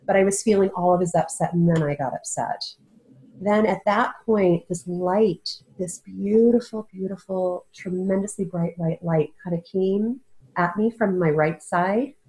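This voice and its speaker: In a rough audio-only recording, a woman speaks as a guest in a casual interview, earnest and searching, frequently starting her sentences over. Her pitch is fairly low, her speed normal and her tone a little mellow.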